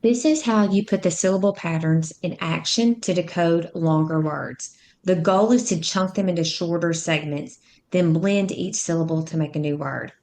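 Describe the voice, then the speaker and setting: A woman with a slightly low voice walks through a phonics lesson. She talks slowly and clearly, sounding out each syllable the way a patient reading tutor would. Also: darkish tone. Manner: slow, clear, instructive, sounds out words.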